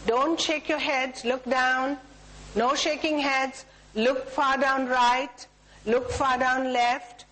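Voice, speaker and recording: A woman's voice: sits high, level tone, slow pace, a bit bright, low-quality recording. Indian woman leading a tapping exercise. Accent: Indian English. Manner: instructive, repetitive chanting of cue words. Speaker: workshop leader. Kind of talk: guiding a group through a tapping exercise. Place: talk room with a group.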